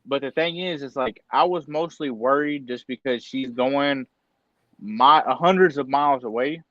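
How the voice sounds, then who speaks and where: A man's voice: medium pitch, moderate pace, no room sound, highs cut off. A young man on a casual podcast, candidly telling an emotional personal story with plenty of slang. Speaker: podcast co-host.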